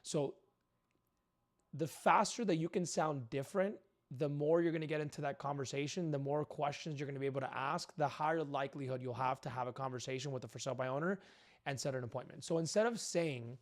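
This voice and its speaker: Guy coaching realtors on cold calls, punchy and direct, kinda high voice. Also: brisk, darkish tone. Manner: direct and emphatic, acts out phone scripts. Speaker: real estate sales coach. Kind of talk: coaching monologue with role-played cold calls.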